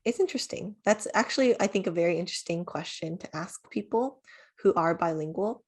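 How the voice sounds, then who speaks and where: Relaxed young woman with a low voice. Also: brisk, breathy edge. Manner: relaxed, speaks with lots of "like" fillers and laughs. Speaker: podcast co-host. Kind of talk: casual chat.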